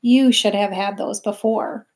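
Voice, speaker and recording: Woman doing quiet serious teen boy, short terse lines. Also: mid-range voice, steady tone, a little slow, lightly acted.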